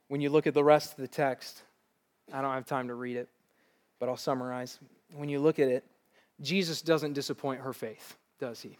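Earnest, fairly high-voiced male pastor. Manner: earnest and conversational, with light laughs. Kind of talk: sermon. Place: church service before a live congregation.

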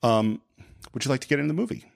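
A man hosting a podcast, recapping a film in a lively, chatty way. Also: mid-range voice, fast talker, creaky, no echo, clean studio sound. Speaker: podcast host. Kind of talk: casual podcast chat.

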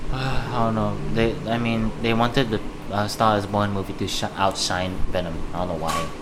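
A man co-hosting a casual film review podcast, talking haltingly and searching for words. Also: fairly low pitch, level tone. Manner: hesitant, halting with fillers. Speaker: podcast co-host. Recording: noisy background.

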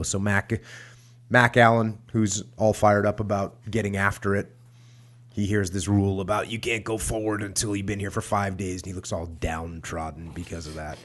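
A man's voice: fairly low pitch, flat delivery, normal speed. A man hosting a talk show, reading a book aloud and breaking off into casual commentary with frequent restarts. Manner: conversational, frequent restarts and asides. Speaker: podcast host reading a war memoir.

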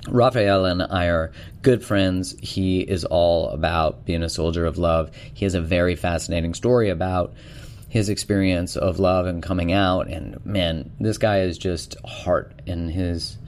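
Hosting his own podcast, a man chats loosely and enthusiastically, using plenty of fillers. His deep, slightly mellow voice stays fairly even at a normal speed, with a little hiss or hum in the recording.

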